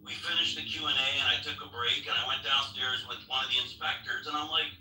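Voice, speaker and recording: A man's voice: mid-range voice, fairly even intonation, quick pace, pushed and bright, far from the mic, a little hiss or hum. A man recounting events step by step in a casual chat, plain-spoken and swearing at times. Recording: echoey room, voice off-mic.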